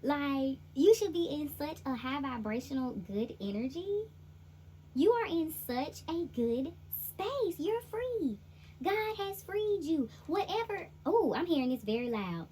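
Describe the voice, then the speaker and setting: A woman's voice: sits high, very animated, unhurried, warm tone, slight background noise. A woman with a Southern US accent giving a chatty, laughing, slangy tarot reading. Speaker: intuitive tarot reader.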